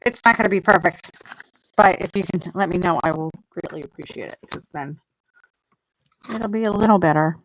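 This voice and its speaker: A middle-aged mindset coach with a lowish, fairly bright voice talks a little fast yet pauses often during a casual live stream. She sits indoors at her computer table using a plug-in desk mic, and the recording is low-quality. Gum in mouth, she rambles and laughs at herself.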